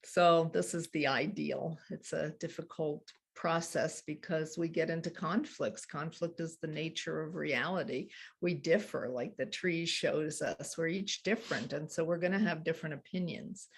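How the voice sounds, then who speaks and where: A woman coaching couples on handling conflict, explaining earnestly with soft laughs. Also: sits low, breathy edge. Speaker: relationship coach. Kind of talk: teaching a couples workshop talk.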